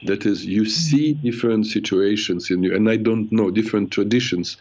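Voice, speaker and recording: A man hosting a call-in advice show, speaking earnestly and reflectively with frequent halting restarts. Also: on the low side, darkish tone. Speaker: radio show host and therapist. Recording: muffled radio broadcast sound.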